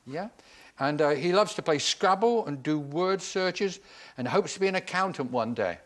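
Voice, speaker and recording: A man's voice: a little high, expressive, normal speed, fairly bright tone. A man hosting a TV game show in a studio, joking and teasing guests in a chatty, jovial way. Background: studio audience.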